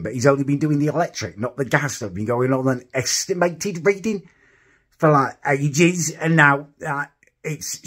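A man's voice: mid-range voice, fairly bright tone, breathy edge. A young man vlogging casually, telling stories in a wry, grumbling, exasperated way. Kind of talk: casual vlog chat.

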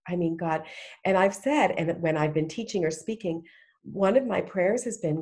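A middle-aged woman with a low voice talks earnestly as a podcast guest. Her speech is heartfelt and emphatic, with frequent restarts. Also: expressive, moderate pace, darkish tone. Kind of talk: casual faith conversation.

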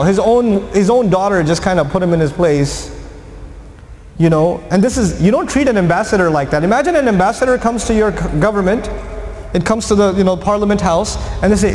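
Man, high voice, religious lecture, storytelling, acts out quoted voices, echoey hall, long reverb. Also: darkish tone, a little hiss or hum. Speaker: Quranic lecturer. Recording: echoey hall with faint ambience.

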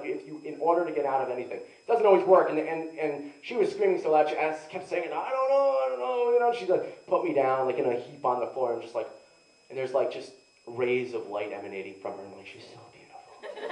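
Medium-pitched with a darkish tone, this young stand-up comedian talks quickly through a loose, self-mocking story full of "like." The live venue sound is roomy and echoey, with the mic picking him up from a distance.

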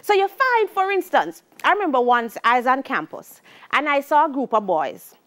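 A middle-aged Jamaican woman teaching a sociology exam-prep lecture. She talks in a lively way and slips into patois when she tells stories. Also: high-pitched, moderate pace. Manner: lively, shifts into patois for anecdotes.

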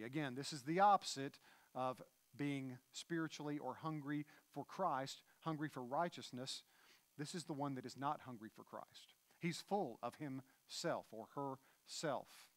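A man preaching a sermon as pastor in a church. His voice sits at an ordinary middle pitch. He reads scripture aloud and explains it in an earnest way. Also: a little slow.

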